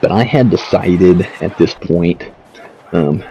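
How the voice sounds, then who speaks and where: Speaking slowly in a low, dark-toned voice, a gaming video creator rambles over his gameplay from his home setup. His talk is casual, slangy and full of swearing, and the slightly dull lo-fi recording carries a little hiss or hum.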